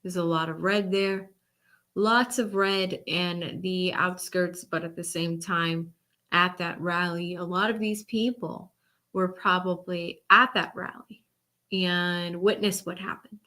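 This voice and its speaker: A woman's voice: lowish voice, slow. A woman from Boston with a Boston accent, hosting a live election-night stream and chatting casually with her viewers. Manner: animated, chatty, addresses chat directly. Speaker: livestream host.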